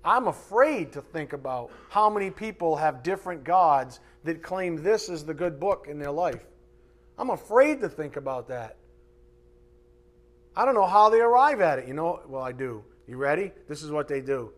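A man preaches a sermon with a voice pitched a little above the usual for men. He teaches from a board and keeps the talk animated, slipping into playful put-on voices for his asides. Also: normal speed. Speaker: pastor. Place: church or teaching room with a board.

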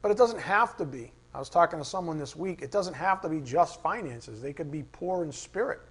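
A man teaching a Bible study class. He asks the class questions, reads verses slowly and repeats the key lines. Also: on the high side, lively intonation, slightly rough. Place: classroom with a board.

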